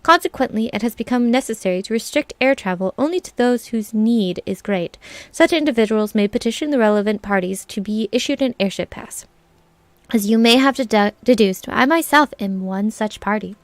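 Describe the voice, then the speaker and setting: A solemn, gracious elder leader of a forest city, read aloud by a woman in a game playthrough. The delivery is formal and measured, with a voice sitting a little high. It sounds close and dry. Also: no echo, lightly acted. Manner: formal, stately reading with stumbles.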